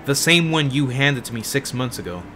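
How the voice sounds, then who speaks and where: A man's voice: mid-range voice, lively intonation, moderate pace, sharp tone, a little hiss or hum. A man voicing a young male detective in a game, insistent, demanding the truth.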